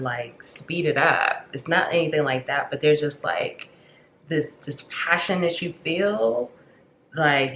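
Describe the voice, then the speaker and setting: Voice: medium pitch, fairly bright tone, a little hiss or hum. Casual tarot reader rambling to the camera, lots of likes and okays, echoey room. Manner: chatty, many filler words, addresses viewer directly. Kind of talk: casual spiritual reading.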